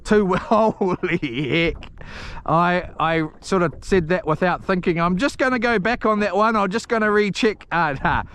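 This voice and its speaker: A man with a high voice chats excitably from a small fishing boat out in the rain, his sentences tripping over themselves as he restarts and swears mildly. An action camera picks him up outdoors, with a faint hiss of noise behind him. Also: moderate pace. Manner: excitable and scattered, with frequent restarts and mild cursing. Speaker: fishing vlogger live streaming. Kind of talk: rambling live-stream chat.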